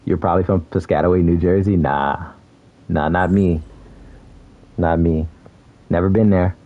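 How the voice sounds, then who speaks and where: A young man from South Florida with a very deep, low voice talks casually while he streams a shooter game. His tone is laid-back and easygoing, full of laughter and friendly banter. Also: fairly even intonation, moderate pace, narrow, tinny audio. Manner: laid-back, laughs often, says "bro" a lot. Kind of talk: casual chat while gaming.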